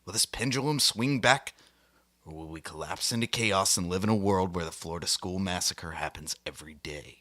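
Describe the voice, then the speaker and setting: A man's voice: low voice, moderate pace, pushed and bright, dry recording. A man hosting a satirical comedy monologue, delivering it in a mock-serious, grandiose way with theatrical asides. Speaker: host.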